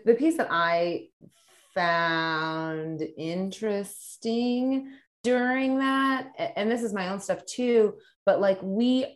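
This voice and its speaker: Thoughtful woman with a low voice. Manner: thoughtful, hesitant, many restarts. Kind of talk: casual reflective conversation.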